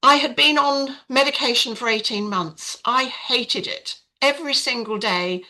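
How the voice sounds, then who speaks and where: A woman's voice: fairly high pitch, unhurried, pushed and bright, rough recording. An older woman telling her personal story as a podcast guest, in a frank, chatty way with many fillers. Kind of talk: casual storytelling.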